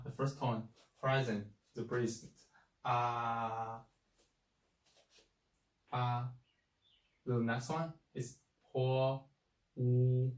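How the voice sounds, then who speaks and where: A man's voice: mid-range voice, flat delivery, drawn-out words, long pauses, a little mellow, reverberant, recorded from a distance, poor audio. A man teaching pronunciation, patiently repeating each syllable several times. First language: Chinese. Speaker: Chinese language teacher. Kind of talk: slow spoken language lesson.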